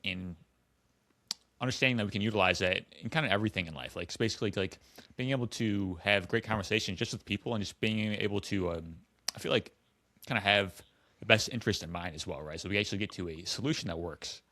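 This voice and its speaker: Deep-voiced man hosting, hesitant phrasing. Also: quick pace, pushed and bright, dry recording. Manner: hesitant, many fillers like "like" and "kinda". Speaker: podcast host. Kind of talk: casual interview chat.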